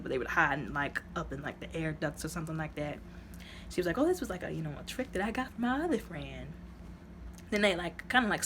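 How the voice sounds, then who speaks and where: A woman casually retelling a movie plot as a reviewer, in a chatty, rambling way full of "like" and "you know," her voice jumping up high when excited. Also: a little hiss or hum. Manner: sudden jumps up into high exclaiming tones.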